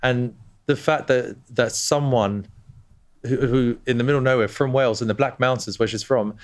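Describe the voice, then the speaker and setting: A man's voice: medium pitch, fairly even intonation, normal speed. A man, a brand co-founder talking as a guest, enthusiastic and rambling with many restarts. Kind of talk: casual conversation.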